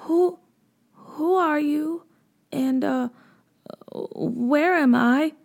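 A wide-eyed young girl, timid and questioning, with a voice pitched high and light, as a woman puts her on. She sounds lost and cautious, reaching for answers in a strange place. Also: big pitch swings, measured pace. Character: curious young girl lost in magical land.

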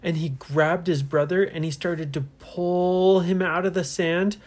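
A woman making up a bedtime story for children, hushed at times and asking the listener questions. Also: fairly low pitch, fairly even intonation, a little slow.

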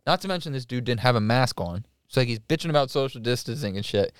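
A man's voice: mid-range voice, lively intonation, quick pace, clear, resonant tone, dry recording, studio quality. A man in casual chat, telling a story with heavy swearing and acting out the people in it. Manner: profane storyteller acting out quotes.

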